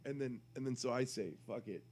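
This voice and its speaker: A man's voice: mid-range voice, fairly quick, a little mellow, breathy edge. A man on a podcast, telling a rambling, crude story in casual chat and interrupting himself as he goes. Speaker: podcast co-host.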